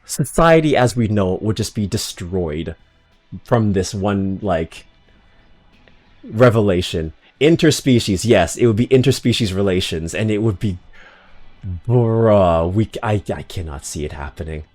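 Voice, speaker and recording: A man with a lowish voice rambling casually while he streams a game. He talks in slang, swears freely, and keeps laughing at himself. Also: lively intonation, measured pace, darkish tone, faint music behind. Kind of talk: casual gaming commentary.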